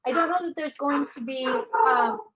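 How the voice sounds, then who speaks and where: A woman's voice: high voice, moderate pace, a bit bright, low-quality recording. A woman hosting a casual psychic livestream from home, chatting loosely, repeating herself and answering viewer questions. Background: dog barking.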